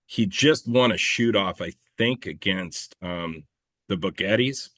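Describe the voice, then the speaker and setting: Low-voiced male guest, loose and rambling storyteller, swears casually, dry close mic. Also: slow pace, fairly bright tone, dry recording. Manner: rambling, self-correcting, swears freely, laughs at own stories. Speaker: clay shooting competitor and coach, guest.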